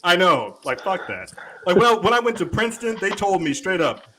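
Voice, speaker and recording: Animated, profane man telling stories. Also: on the high side, brisk, background noise. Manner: profane and animated, acting out quoted voices. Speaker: panel show guest. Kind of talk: casual storytelling.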